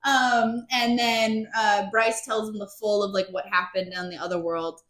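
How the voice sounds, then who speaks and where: A woman's voice: mid-range voice, fairly even intonation, moderate pace, a bit bright. A woman co-hosting a podcast, recapping a book in casual chat with many ums and restarts. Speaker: podcast co-host. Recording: roomy echo.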